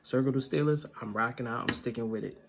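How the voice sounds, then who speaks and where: A man's voice: medium pitch, quick pace, vocal fry, noisy background. A man hosting a casual sports picks vlog, blunt and opinionated, with plenty of filler words. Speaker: vlog host.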